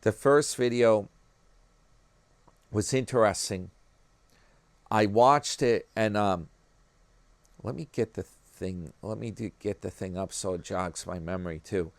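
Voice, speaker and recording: A YouTube commentary vlogger with a New York accent talks casually to his viewers, drifting from topic to topic and calling them "guys" and "man." His voice is fairly low, and he speaks slowly with frequent pauses. There's no echo on the recording.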